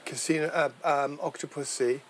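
A man's voice: fairly high pitch, fairly even intonation, normal speed, a little hiss or hum. A man chatting casually as co-host, restarting his sentences and laughing easily. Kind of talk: casual chat. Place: indoors, clip mic.

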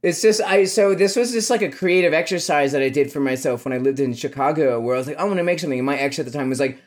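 A man guesting on a podcast, talking casually in a rambling, halting way. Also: fairly high pitch. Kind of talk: casual chat.

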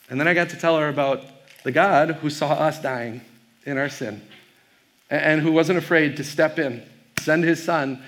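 A man from Wisconsin with a medium-pitched, slightly bright voice speaks as a pastor giving a keynote to a youth audience. He tells stories in a loose, conversational way, sprinkling in plenty of fillers.

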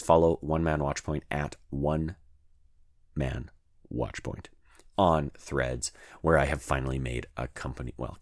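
A man's voice: extremely low pitch, no echo, clean studio sound. A man hosting a solo gaming podcast, talking casually and rambling, with many fillers and restarts. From Canada. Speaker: podcast host.

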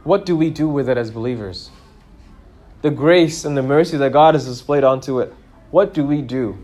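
A man preaching a sermon, who asks his listeners questions and grows louder and higher when he makes a point. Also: normal speed. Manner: lively, rises in pitch and volume for emphasis, asks the congregation questions.

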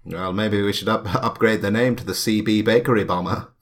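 A man's voice: fairly low pitch, fairly even intonation, brisk. A man playing a tabletop game, talking in a wry, mock-formal way. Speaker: player. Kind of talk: in-character tabletop banter.

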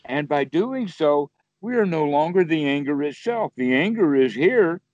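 An animated man with a darkish tone speaks at a moderate pace, giving casual Buddhist teaching on a call. He acts out inner voices playfully, breaking into sudden high exclamations. The audio is dry and lo-fi.

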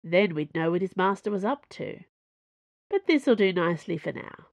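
A woman voicing a confident female special agent who drawls in a slow, cool manner. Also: lowish voice, lively intonation, no room sound, lo-fi sound. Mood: smug. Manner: drawling, unhurried.

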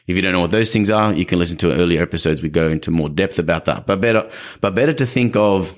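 Speaking fast in a low voice, a young adult podcast host who trains dogs walks listeners through dog behavior in a relaxed, explanatory style. He also performs the voices of people he quotes.

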